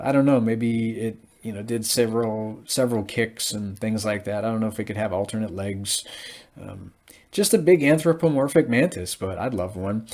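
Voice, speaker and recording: A man's voice: fairly low pitch, a little mellow. A man in his thirties giving a casual, rambling recap of a TV episode, with frequent fillers. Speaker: TV episode reviewer.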